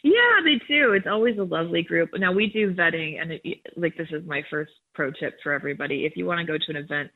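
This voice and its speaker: A woman's voice: lowish voice, animated, fast talker, few pauses. A woman in her thirties, a guest and educator, explaining things in a frank, upbeat way over the phone. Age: 30s. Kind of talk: phone interview. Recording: tinny phone line.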